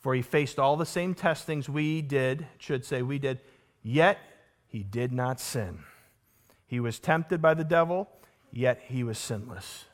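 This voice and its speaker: A male pastor preaching a sermon, emphatic, asking the congregation rhetorical questions and swinging between loud declarations and hushed, low stresses. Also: a little slow.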